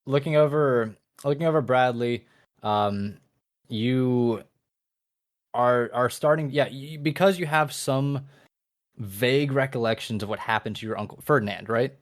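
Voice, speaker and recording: Casual male game master, mid-pitched, hesitant delivery. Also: a little slow. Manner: hesitant, lots of ums. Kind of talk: narrating a tabletop game.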